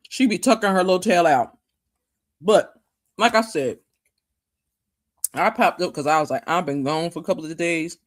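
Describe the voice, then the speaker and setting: A woman's voice: fairly low pitch, measured pace, long pauses. A woman hosting a casual livestream, chatting and joking with viewers in the chat. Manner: chatty and animated, talking to chat. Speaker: livestream host.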